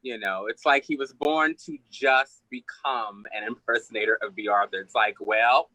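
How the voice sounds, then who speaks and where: A man's voice: mid-range voice, fairly even intonation, normal speed, bright, forceful tone, dry recording, poor audio. A man making wry, teasing asides in a casual chat. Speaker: guest.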